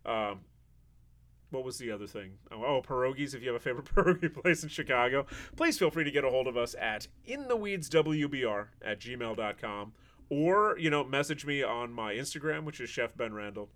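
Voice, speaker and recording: A man hosting a podcast, chatting in a relaxed, rambling way. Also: mid-range voice, brisk. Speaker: podcast host. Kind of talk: casual chat.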